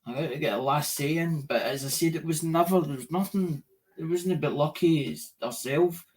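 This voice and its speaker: A man's voice: a little high, normal speed, a little mellow. A man hosting a livestream, talking in a rambling, repetitive way, swearing often and losing track of his words. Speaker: livestream host. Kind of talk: rambling casual livestream chat.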